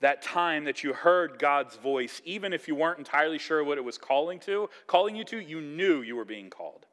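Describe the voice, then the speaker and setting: A man preaching a sermon in a conversational, animated way, acting out quoted voices. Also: a little high, fairly quick, big-room sound. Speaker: pastor.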